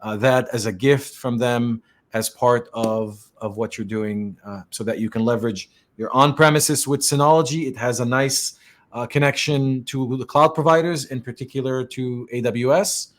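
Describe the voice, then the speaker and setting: A middle-aged Lebanese man, a tech consultant, hosts a podcast and chats in an easygoing way, using lots of fillers and restarts. His voice is mid-range and his pace moderate.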